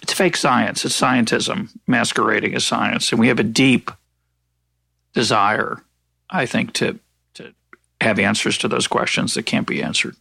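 A man hosting an interview podcast as an economist, speaking thoughtfully and acting out quoted exchanges in a higher voice. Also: unhurried, creaky, sharp tone, slightly rough, no echo. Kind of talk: conversational interview.

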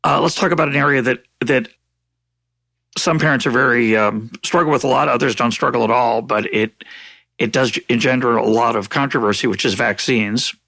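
A man interviewing an author, asking thoughtful questions in a halting way with frequent restarts. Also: mid-range voice, vocal fry, pushed and bright, no echo. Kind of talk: conversational interview.

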